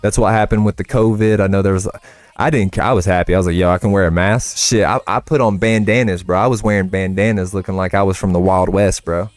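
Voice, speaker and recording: A young American man with a low-pitched, steady voice chats casually while gaming on a livestream, talking at a quick pace. He rambles, swears, and says "bro" to listeners a lot. There's no echo.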